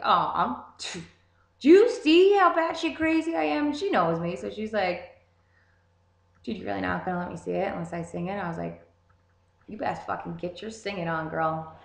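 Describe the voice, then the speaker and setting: A young woman telling a story in a casual, animated way, swearing constantly. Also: mid-range voice, vocal fry. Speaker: vlogger. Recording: roomy echo.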